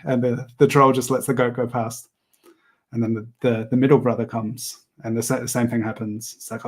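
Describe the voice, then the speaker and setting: A man's voice: medium pitch, flat delivery, normal speed. Rambling, easygoing male livestream artist. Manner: rambling, hesitant, laughs often. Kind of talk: casual chat while sketching.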